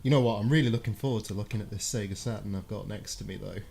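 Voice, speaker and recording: A man's voice: lowish voice, very fast, creaky, warm tone, slightly rough. Chatty British man muttering while working. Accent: regional British. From United Kingdom. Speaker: streamer doing console repairs. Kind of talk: casual live-stream chat.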